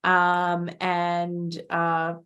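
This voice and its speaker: A woman's voice: fairly low pitch, completely flat delivery, drawn-out words, a bit bright, highs cut off. A middle-aged woman, a behavior analyst hosting an interview, talks in a rambling way and often corrects herself mid-sentence. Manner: rambling, self-correcting, chatty. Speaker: podcast host, behavior analyst. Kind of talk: conversational interview.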